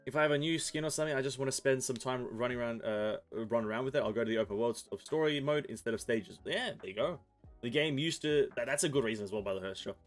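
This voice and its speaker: A man streams a game in an easy, rambling commentary. He often corrects himself and swears now and then. His voice sits at an ordinary middle pitch, and soft game music plays faintly behind him. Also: fast. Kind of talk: casual gameplay commentary while reading game text aloud.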